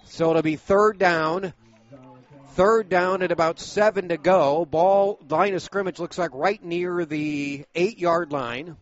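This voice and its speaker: A man calling high school football play-by-play, brisk and steady, bursting into shouts on big plays. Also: lo-fi sound. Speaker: play-by-play announcer.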